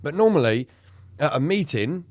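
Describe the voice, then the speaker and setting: A podcast co-host in recovery speaks candidly about himself, swearing, getting emotional, and acting out what other people said. His fairly high voice has a sing-song lilt, a moderate pace, and a slightly mellow quality, with no echo.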